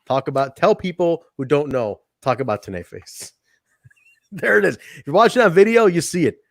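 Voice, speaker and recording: A man's voice: a little high, sing-song, normal speed, gravelly, dry recording. A man co-hosting a casual wrestling review show, talking animatedly, laughing often and acting out quotes. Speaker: podcast co-host. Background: live chat audience.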